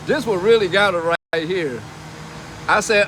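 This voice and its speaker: Young man with a fairly high voice, brash and mocking, noisy phone livestream. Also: normal speed. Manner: brash, profane and mocking, laughing between lines. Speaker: reality TV personality reading comments on a live stream. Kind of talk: casual livestream rant.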